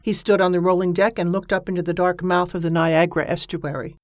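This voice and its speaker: A woman reading a story aloud as an audiobook narrator, with a steady storytelling manner. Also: brisk, no room sound, clean studio sound. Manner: steady storytelling voice, lifting pitch for characters' dialogue. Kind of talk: scripted narration.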